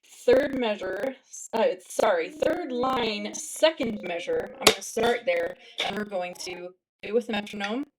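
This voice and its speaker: A woman teaches clarinet in a relaxed, conversational way, stopping now and then to sing a rhythm out loud. Her pitch sits in the middle range. A faint hiss and a few clicks come through under her voice. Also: measured pace. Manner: sings rhythms aloud to demonstrate. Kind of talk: casual music lesson.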